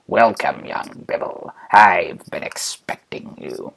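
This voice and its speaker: Narrator putting on a hushed, low, sinister old emperor, scheming, slow. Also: lively intonation, gravelly, exaggerated voice. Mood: menacing.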